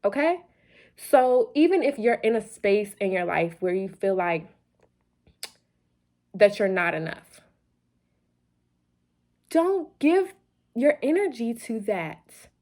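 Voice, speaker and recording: A woman's voice: medium pitch, big pitch swings, takes it slowly, pauses often, dark tone. Woman vlog host, late-night loopy energy, playful preacher, repeats phrases for emphasis. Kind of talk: motivational talk to camera.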